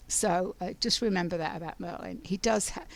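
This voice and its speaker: A woman's voice: lowish voice, brisk. An older woman from London with a London English accent, giving a meandering spiritual talk full of ums and restarts. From London, England. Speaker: spiritual channeler.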